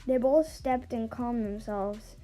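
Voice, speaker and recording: A woman reads an online forum story aloud in a fairly high, dark, mellow voice. She stumbles now and then and restarts words. Faint music plays under her. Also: steady tone, slow. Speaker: story reader. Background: faint background music.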